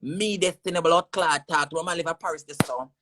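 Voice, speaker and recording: A woman's voice: low voice, a little fast, background noise. A woman with a Jamaican accent on a livestream, heatedly cussing someone out in a repetitive, insulting rant. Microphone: phone on a screen-recorded livestream.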